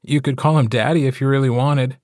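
A man's voice: medium pitch, steady tone, brisk, a little mellow, no echo, clean studio sound, close to an everyday voice. A man voicing a wry young man in an audiobook, mocking his friend.

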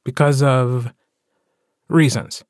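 A man's voice: medium pitch, steady tone, takes it slowly, no room sound, clean studio sound, close to an everyday voice. Man doing a brash, teasing young guy. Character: cocky, joking young man.

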